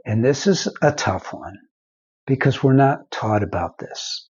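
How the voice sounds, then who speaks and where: An older man, a marriage counselor and founder, gives folksy advice to the camera in a medium-pitched, animated voice with a darkish, slightly rough tone. He tells little stories slowly, acting out the quotes, and the audio has its highs cut off.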